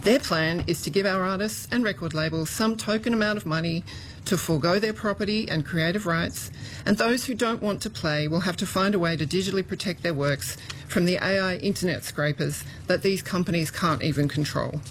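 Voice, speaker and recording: Female executive, forceful prepared statement, faint room noise. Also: fairly low pitch, fairly quick, low-quality recording. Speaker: industry chief executive.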